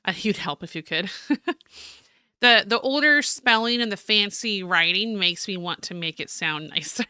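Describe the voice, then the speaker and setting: A woman's voice: medium pitch, sharp tone, clean tone, no room sound, studio quality. An American woman giving casual, self-deprecating commentary while playing a game. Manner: chatty, self-deprecating, quick asides. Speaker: game streamer.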